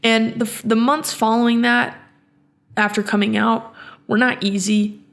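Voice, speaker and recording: Female podcast host, gravelly fry, halting reflective storytelling with frequent restarts. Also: on the high side, level tone.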